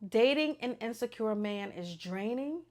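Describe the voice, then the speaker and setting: A woman's voice: fairly high pitch, lively intonation, unhurried, darkish tone. Blunt, profane woman podcast host. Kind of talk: unscripted podcast monologue.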